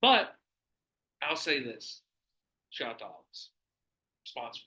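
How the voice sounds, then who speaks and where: A man's voice: mid-range voice, sing-song, takes it slowly, sharp tone, rough recording. A man hosting a podcast, telling a rambling, profane story in casual chat, laughing often and acting out what people said. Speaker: podcast host.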